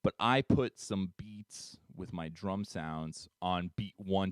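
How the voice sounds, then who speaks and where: A man teaching a music tutorial, upbeat and chatty, counting beats out loud as he demonstrates. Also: low-pitched, takes it slowly, hardly any pauses, background noise. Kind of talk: screen-share tutorial.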